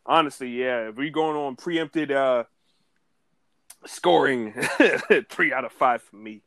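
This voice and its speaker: A man co-hosting a casual wrestling podcast, talking in animated slang and laughing often. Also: mid-range voice, slow, no room sound. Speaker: podcast co-host.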